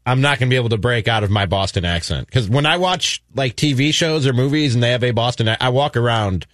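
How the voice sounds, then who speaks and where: Brief: lively, expressive male co-host, dry close sound. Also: mid-range voice, quick pace, dry recording. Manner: playful, laughing, animated. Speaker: radio co-host. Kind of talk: sports talk radio banter.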